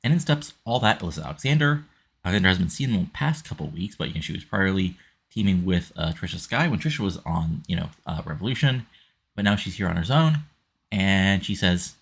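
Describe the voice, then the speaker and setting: A man's voice: low voice, animated, a little fast, creaky, fairly bright tone, breathy edge. A man casually narrating a wrestling sim game, rambling with lots of fillers.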